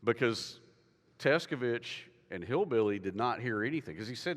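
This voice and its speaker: A man's voice: mid-range voice, expressive, moderate pace. A male author telling a war story in a loose, conversational way, full of fillers and restarts. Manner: rambling, many fillers and restarts. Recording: long reverb of a hall.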